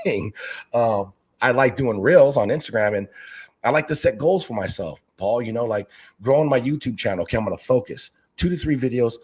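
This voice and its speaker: This Northern California youth basketball coach, who also runs an aquarium channel, has a fairly low, husky voice. In a casual interview he tells stories with animation, acting out the people he quotes.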